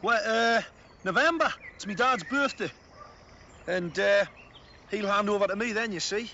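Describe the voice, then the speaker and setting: An actor playing a brash, boastful working-class builder. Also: male voice, high-pitched, a little slow, pushed and bright, exaggerated voice. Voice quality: cocky, jokey. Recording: dull TV soundtrack with noise.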